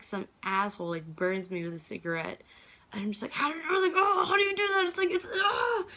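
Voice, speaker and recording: Gravelly, low-voiced young woman vlogger. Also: fairly bright tone. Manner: rambling and filler-heavy, with frequent cursing. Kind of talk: casual vlog chat.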